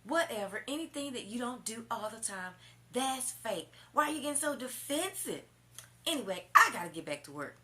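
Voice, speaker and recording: A woman's voice: big pitch swings, normal speed. A woman imitating her taunting, smug boyfriend while telling a storytime vlog. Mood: scornful. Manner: taunting, high and loud. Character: smug mocking boyfriend, adult man.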